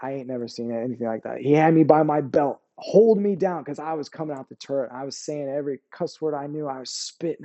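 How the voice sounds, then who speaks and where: Man, 40s, veteran interview guest; low-key dark tone, loose profane storytelling. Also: fast talker, few pauses, lo-fi sound. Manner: profane, rambling, keeps asking "you know what I mean".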